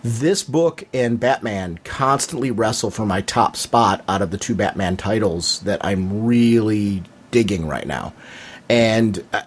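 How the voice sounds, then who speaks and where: A man's voice: lowish voice, breathy edge. A man co-hosting a comics podcast, talking in casual chat, enthusiastic with hesitant restarts. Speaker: podcast co-host.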